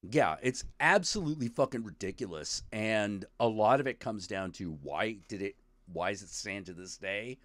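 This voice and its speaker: A man's voice: lowish voice, normal speed, hardly any pauses, dry recording, studio quality. A man hosting a stream, ranting casually and swearing a lot. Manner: profane, animated, ranting. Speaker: stream host.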